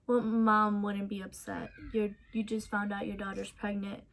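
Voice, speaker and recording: A young woman in a casual storytime vlog, recounting events softly with many ums and restarts. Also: mid-range voice, flat delivery, moderate pace. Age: young adult. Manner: casual, soft-spoken storytelling with many fillers. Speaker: vlogger.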